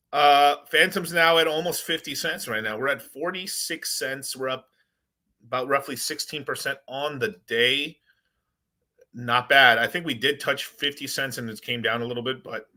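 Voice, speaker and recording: Brief: bright-voiced male streamer, rambling and excitable, casual commentary. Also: mid-range voice, moderate pace. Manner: rambling, excitable, chats with viewers. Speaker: crypto livestream host.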